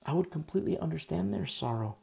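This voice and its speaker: Gravelly, emphatic male preacher. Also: a little high, animated, quick pace. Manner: emphatic and conversational, swinging from loud to hushed. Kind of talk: sermon.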